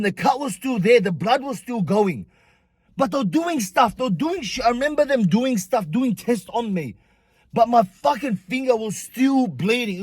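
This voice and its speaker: Young man, vlogger, husky tone, higher voice, animated profane storytelling. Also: dry recording. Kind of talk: storytime vlog.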